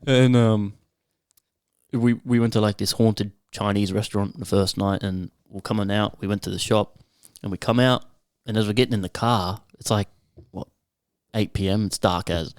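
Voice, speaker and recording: A young man with an Australian accent, talking in a relaxed, profane, storytelling way. The recording is dry and close, with almost no room sound. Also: fairly low pitch, moderate pace, clear, resonant tone, no room sound. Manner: laid-back, profane storyteller who laughs often. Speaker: podcast panelist. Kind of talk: casual chat.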